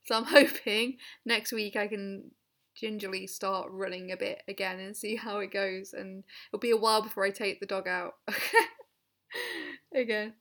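Bright-voiced chatty woman. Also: medium pitch, a little slow. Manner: chatty, incredulous, laughs often. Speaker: podcast co-host. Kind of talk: casual chat.

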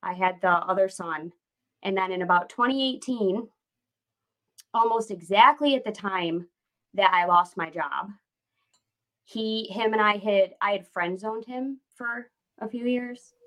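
A woman's voice: medium pitch, unhurried, a bit bright, rough recording. Candid woman telling her story. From United States. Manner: candid, rambling, with restarts. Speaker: guest entrepreneur. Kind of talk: casual interview storytelling.

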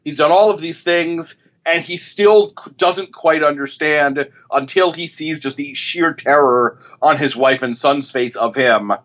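On dull audio, this male television critic and author speaks slightly high and unhurried, with few pauses and a fairly bright tone. As an interview guest he tells a rambling story, repeatedly restarting his sentences and correcting himself.

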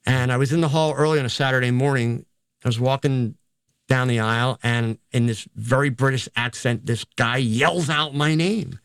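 A man's voice: medium pitch, steady tone, moderate pace, smooth, dry recording. An older man, a photographer and teacher, telling stories in a casual, rambling, self-deprecating way in an interview. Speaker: photographer and educator.

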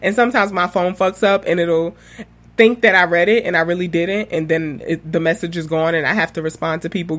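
A woman's voice: lowish voice, fairly even intonation, a little fast, fairly bright tone. A young woman hosting a casual podcast monologue, rambling and candid, swearing freely and laughing as she tells her story. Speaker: podcast host.

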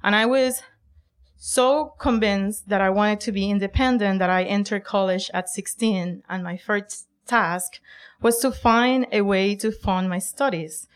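Woman telling a lively personal story. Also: medium pitch, measured pace, smooth. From Puerto Rico. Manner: lively, emphatic, acts out quoted lines. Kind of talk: personal story told to an audience.

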